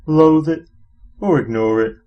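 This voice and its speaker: A man's voice: a little high, a little slow, dull audio, voice pushed up, natural voice. An audiobook reader voicing a gloomy, depressed male robot who speaks dolefully and morosely.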